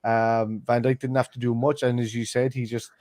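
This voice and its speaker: A man's voice: mid-range voice, flat delivery, moderate pace, a little mellow, no room sound. A man on a football panel, chatting casually and rambling with plenty of fillers. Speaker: panel guest.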